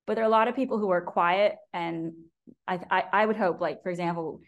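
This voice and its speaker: American woman, academic guest; conversational, animated, does little voices for quotes. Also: lowish voice, brisk, lo-fi sound. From United States. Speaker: professor and guest. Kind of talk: conversational interview.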